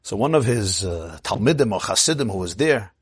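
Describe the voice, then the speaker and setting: Husky-voiced rabbi telling a story. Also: male voice, lowish voice, brisk, no room sound, studio quality. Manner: animated, acts out quotes, swings from murmurs to exclamations. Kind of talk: sermon storytelling.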